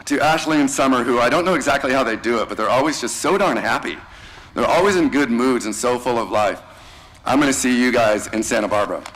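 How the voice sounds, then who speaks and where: Male teacher, graduation farewell speech, warm and slangy, thanks students by name. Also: medium pitch, fast, low-quality recording.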